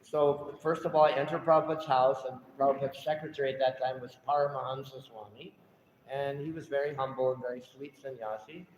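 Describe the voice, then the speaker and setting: An older man telling an emotional personal story to a temple audience, in a halting, heartfelt way. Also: mid-range voice, fairly even intonation, a little hiss or hum. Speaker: guest speaker. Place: temple hall. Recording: echoey hall, dull lo-fi sound.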